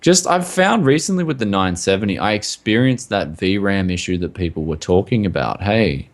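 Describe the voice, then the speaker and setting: A low-pitched man with a rough, gravelly voice, talking casually on a tech podcast. His pitch swings around a lot as he rambles, and his sentences are packed with "like" and "man". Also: lively intonation, normal speed. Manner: rambling, full of likes and mans. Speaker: podcast co-host.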